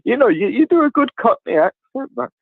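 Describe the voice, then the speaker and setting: A man calls in to a casual live chat and keeps teasing the host. His voice is bright and lively. It comes through a dry, tinny, phone-like line. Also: extremely high pitch, fairly quick, vocal fry, dry recording. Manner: teasing, laughing. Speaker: caller. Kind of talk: casual chat over a call.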